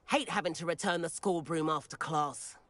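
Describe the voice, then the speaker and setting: An actor playing a friendly, chatty teenage student who loves flying, in video game dialogue with an encouraging manner. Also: male voice, on the high side, moderate pace, a bit bright, no room sound, close to an everyday voice. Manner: enthusiastic, encouraging. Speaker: fellow student.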